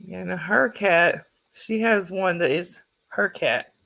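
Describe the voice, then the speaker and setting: Gravelly Southern woman streaming from home. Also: fairly low pitch, slow pace, a bit bright. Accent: Southern US (North Georgia). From North Georgia, USA. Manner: chatty, laughs often, talks to her pets and child. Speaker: livestream host. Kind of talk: casual chat. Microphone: phone.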